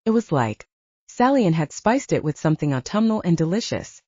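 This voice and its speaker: Warm, low-voiced woman reading an audiobook. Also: sing-song, brisk, no room sound, lo-fi sound. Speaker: audiobook narrator. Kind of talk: first-person audiobook narration.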